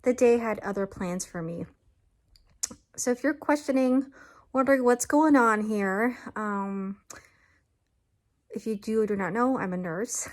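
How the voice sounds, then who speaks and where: A woman's voice: fairly high pitch, a little slow, pauses often. A woman talking casually to camera in a vlog, tired and achy, earnest and upbeat in a chatty way. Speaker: vlogger.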